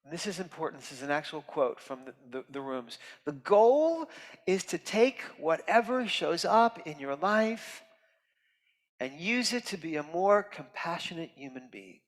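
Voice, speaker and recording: A man giving a heartfelt, expressive inspirational talk as a guest speaker at a temple, swinging from loud emphasis to soft near-whispers. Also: a little high, unhurried. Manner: earnest and heartfelt, tearful at moments. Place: temple sanctuary. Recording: reverberant hall.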